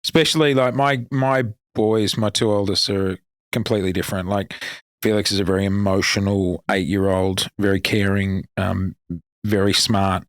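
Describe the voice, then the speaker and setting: A man, a radio co-host chatting as a guest and telling lively, sweary anecdotes. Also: lowish voice, normal speed, no room sound, clean studio sound. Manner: animated, swears freely, acts out voices in anecdotes. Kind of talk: casual storytelling chat.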